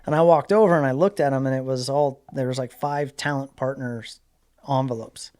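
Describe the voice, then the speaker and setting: A man's voice: mid-range voice, normal speed, darkish tone. A man casually telling a personal story as a guest, rambling with lots of "like" and "you know". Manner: rambling, filler-heavy retelling with lots of "like".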